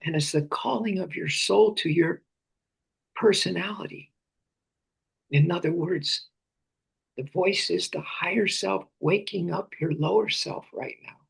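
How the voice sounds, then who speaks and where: Slow, gravelly man guiding meditation. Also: high-pitched. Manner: slow, drifting into breathy whispers; repeats phrases and names softly. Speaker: meditation teacher. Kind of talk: guided meditation talk.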